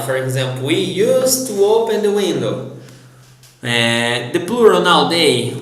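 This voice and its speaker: A man's voice: fairly high pitch, fairly bright tone. A man with a Brazilian accent, a native Portuguese speaker, giving an online language lesson and patiently spelling out each verb form. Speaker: Portuguese teacher. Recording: roomy echo.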